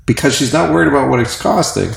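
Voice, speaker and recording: A man hosting a podcast, telling a story in a relaxed, casual way. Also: mid-range voice, fast, creaky, echoey room, background noise. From United States east coast. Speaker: podcast host. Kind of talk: casual conversation.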